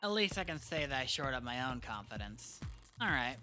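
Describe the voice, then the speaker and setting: A woman with a low voice and a bright tone reads courtroom game dialogue aloud while streaming. She talks into a desk microphone, switching between character lines and asides where she laughs and swears. Faint music plays behind her. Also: big pitch swings, brisk. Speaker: streamer playing and voicing a story game. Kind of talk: casual chat and reading game dialogue aloud.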